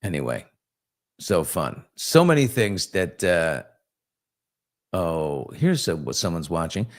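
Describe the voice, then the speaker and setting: A man hosts a casual live morning chat, reading viewer comments aloud and rambling through stories full of fillers and restarts. His voice sits low, and he's very animated but takes it slowly.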